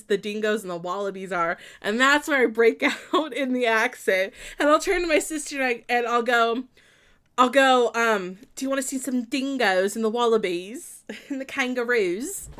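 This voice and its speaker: A woman's voice: a little high, fairly bright tone. A young woman streaming a building game, chatting casually with lots of fillers and giggles.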